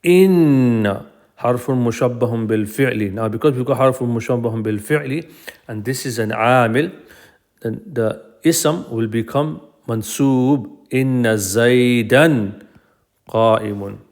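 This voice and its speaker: Male teacher, mid-pitched, calm step-by-step explainer for a recorded grammar lesson. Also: a little slow. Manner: patient, explanatory, repeats key phrases.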